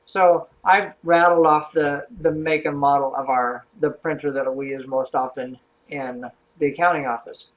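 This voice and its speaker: A man's voice: a little high, fairly even intonation, normal speed, phone-quality sound. A man telling a true workplace story in a casual, wry way, chuckling as he goes.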